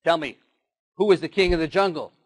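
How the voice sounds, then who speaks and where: Storybook lion, male, boastful and commanding, raised pitch, played by a male speaker. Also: brisk, lightly acted. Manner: commanding, self-important.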